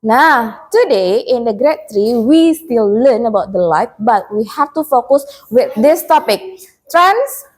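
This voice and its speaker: A woman's voice: fairly high pitch, animated, measured pace. A young woman teaching a primary school class, repeating words and prompting the children to answer.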